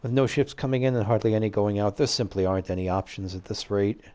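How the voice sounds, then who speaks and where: A man reading as a soft-spoken young merchant with an odd accent. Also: quick pace, natural voice. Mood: apologetic. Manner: softer, lower voice with an odd made-up accent.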